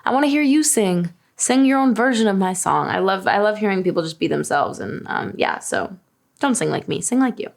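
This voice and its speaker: A woman's voice: medium pitch, lively intonation, fairly quick, creaky. A woman in her twenties from Long Island, chatting casually and laughing at herself while answering questions about her life. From Long Island, New York. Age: 20s. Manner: chatty, self-deprecating, laughs often. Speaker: singer answering internet questions. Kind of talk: casual unscripted chat to camera.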